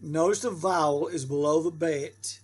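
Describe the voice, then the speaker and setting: A man's voice: on the high side, fairly even intonation, moderate pace, breathy edge. A man teaching a Hebrew lesson, patiently repeating rules and sounding out syllables. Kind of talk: slow classroom-style lesson.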